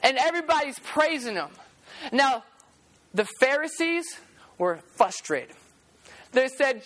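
A woman preaching a sermon to a youth group in a church, telling stories in an animated way and acting out quotes. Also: high voice, slow pace, pauses often.

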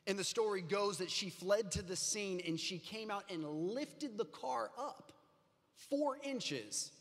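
Man, pastor, high voice, sermon, quiet storytelling building to loud preaching, long hall reverb. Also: expressive, takes it slowly.

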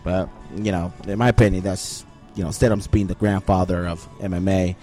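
A man's voice: deep voice, little pitch movement, brisk, warm tone, faint music behind. A man hosting a casual podcast interview, playful and teasing, swearing freely. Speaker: podcast host.

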